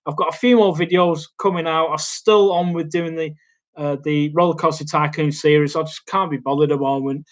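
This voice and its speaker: A young man chatting through a live Q&A at his laptop in a small home studio. His voice sits fairly high for a man. He rambles and hesitates, with lots of ums and restarts along the way. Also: fairly even intonation, brisk. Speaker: YouTube host. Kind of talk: casual live Q&A chat. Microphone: laptop mic.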